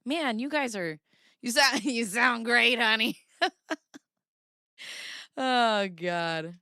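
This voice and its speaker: Brief: chatty streamer woman, crisp and bright, dry close sound, reads filings and laughs with chat. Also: a little high, very slow, long pauses, dry recording. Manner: giggly, chatty, talks to chat. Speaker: livestream host. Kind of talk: casual livestream commentary, reading documents aloud.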